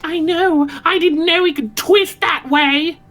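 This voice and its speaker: A man's voice: very high voice, steady tone, measured pace, bright, forceful tone, pitched above the performer's own voice, heavily acted. A man voicing a brash, rowdy young guy with an Australian accent in an amateur fan-fiction reading.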